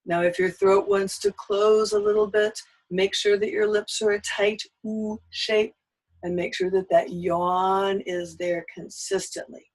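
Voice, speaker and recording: A woman's voice: medium pitch, fairly even intonation, a little slow, low-quality recording. A woman teaching a singing lesson, giving patient step-by-step cues on breathing and an open throat.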